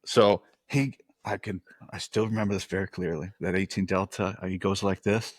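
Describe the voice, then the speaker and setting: A middle-aged man with a deep, low-pitched voice tells a raucous military anecdote, cursing casually. His delivery is animated and conversational. The recording is dry, with no room sound. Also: normal speed, slightly rough, no room sound. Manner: profane, animated anecdote telling. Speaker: podcast guest, former Green Beret. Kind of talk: casual storytelling.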